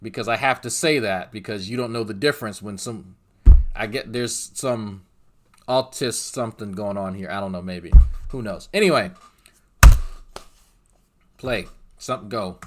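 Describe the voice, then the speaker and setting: A man's voice: on the low side, normal speed, pauses often, background noise. A middle-aged man hosting a commentary channel, mocking and ranting in a crude, sarcastic way.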